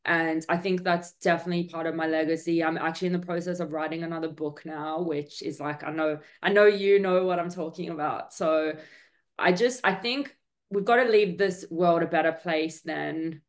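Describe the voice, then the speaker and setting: Earnest talkative woman, slightly low voice. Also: steady tone, moderate pace. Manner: earnest, talkative, with many fillers. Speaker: entrepreneur guest. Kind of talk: candid storytelling interview.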